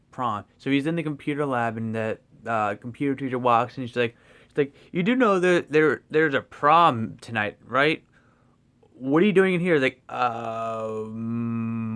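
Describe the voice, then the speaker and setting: Young guy rambling on about a movie, excitable, lots of ums and likes, swears a bit, mid pitch. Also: clean tone. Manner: swears casually. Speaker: movie vlogger. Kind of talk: casual spoiler review.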